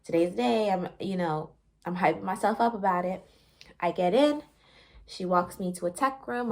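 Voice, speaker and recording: A pregnant woman, chatting animatedly with viewers in a casual storytelling vlog and laughing often. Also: fairly low pitch. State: pregnant, briefly out of breath. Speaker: vlogger.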